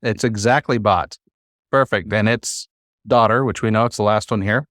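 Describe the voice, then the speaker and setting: A man's voice: on the low side, normal speed, fairly bright tone, dry recording, studio quality. A man teaching a classroom lesson, patient and encouraging, with many fillers. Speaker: Hebrew teacher.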